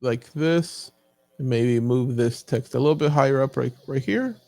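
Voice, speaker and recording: A man's voice: medium pitch, normal speed, creaky, dark tone, no echo, soft background music. A man giving a casual live training, thinking aloud with frequent fillers as he walks through examples on his screen. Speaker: YouTube coach.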